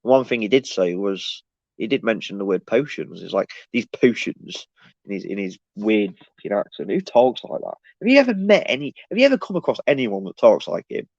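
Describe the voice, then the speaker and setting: A man's voice: fairly low pitch, sing-song, fairly quick, darkish tone, no echo. A man talking casually on a live stream, rambling and restarting his sentences as he answers the chat. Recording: dull, dry lo-fi sound.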